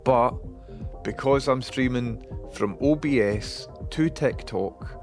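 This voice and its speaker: A man's voice: medium pitch, slow pace, soft background music. A Scottish man hosting a live stream, chatting casually with viewers, with dry asides and some swearing.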